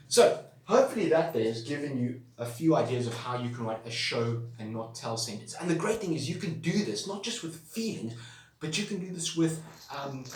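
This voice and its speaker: A man's voice: medium pitch, far from the mic. A man teaching a writing lesson in a chatty way, checking in with listeners often. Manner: chatty, checks in with frequent "all right?" and "yeah?". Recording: roomy sound from away from the mic.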